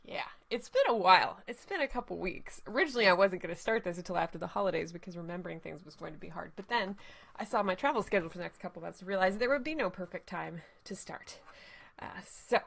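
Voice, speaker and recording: A woman's voice: fairly low pitch, fast talker, creaky, fairly bright tone. A young woman streaming a video game, chatting with viewers, greeting them by name and talking through her moves. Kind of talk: casual game streaming chat.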